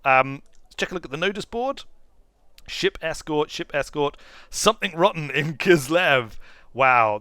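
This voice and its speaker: Lively, bright-voiced man commenting on gameplay. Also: medium pitch, clear, resonant tone, no room sound. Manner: rambling and playful, trailing off and restarting. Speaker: game commentator.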